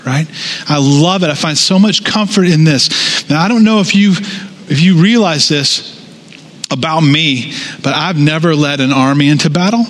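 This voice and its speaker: A man preaching a sermon as a pastor, reading scripture aloud and breaking into casual, animated asides. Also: fairly high pitch, moderate pace.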